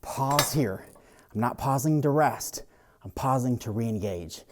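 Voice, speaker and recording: Male personal trainer, casual and blunt, mid-pitched voice, talks through his sets with a salty edge. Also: measured pace. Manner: blunt, casual, swears freely. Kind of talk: casual workout coaching talk.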